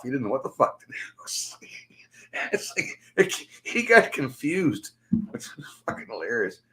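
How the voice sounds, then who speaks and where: A middle-aged man ranting casually to his livestream viewers, swearing constantly and laughing through his stories. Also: mid-range voice. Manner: profane, animated storytelling with laughter. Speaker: livestream host.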